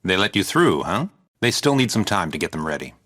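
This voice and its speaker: A dutiful soldier gives orders and hard truths firmly in a game. His voice is very deep but moves with lively intonation. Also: fairly quick, heavily acted. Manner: firm, low-key. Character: steady male soldier, dutiful and regretful.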